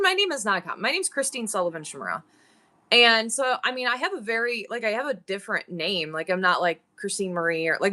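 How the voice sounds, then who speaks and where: A woman's voice: medium pitch, pushed and bright. A woman hosting a live online sale, rambling through family stories while thanking viewers by name. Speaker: live-stream seller. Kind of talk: chatty live-sale banter.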